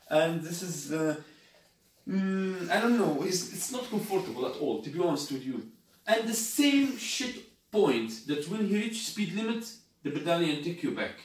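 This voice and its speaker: Man with non-native English in an echoey room. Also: on the high side. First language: Arabic. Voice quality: non-native English, repeats "you got me?". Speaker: product reviewer. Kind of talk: casual unboxing demo. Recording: echoey room, faint noise.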